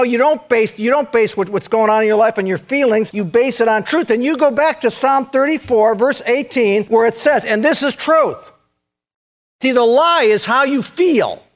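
A man with a high voice preaches a sermon to his congregation. He is earnest and repeats key phrases for emphasis. His delivery swings between loud, urgent calls and quiet, intense passages.

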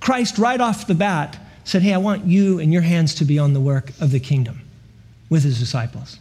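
A man's voice: on the high side, normal speed, a little mellow. A man preaching a sermon as pastor, telling stories with laughs and repeated stammered words.

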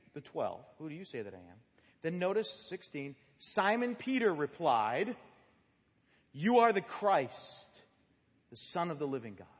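A man preaches in a church sanctuary, his slightly high, husky voice rising and falling with lively emphasis. He teaches through the passage line by line, stressing single words and asking the room questions. The sound carries a long reverb from the hall. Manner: animated teaching, stresses key words, asks the congregation questions. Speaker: pastor. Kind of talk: expository sermon.

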